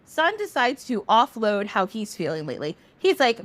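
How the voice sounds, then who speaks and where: A woman's voice: on the high side, normal speed, hardly any pauses. A woman podcast host retelling a myth in a casual, chatty way. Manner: animated, chatty, laughs easily. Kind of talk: casual storytelling.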